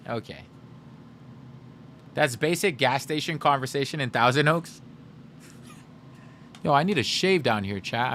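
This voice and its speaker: A man's voice: medium pitch, fairly bright tone, slight background noise. A male game streamer in casual livestream chat, joking and chatty as he reads chat aloud.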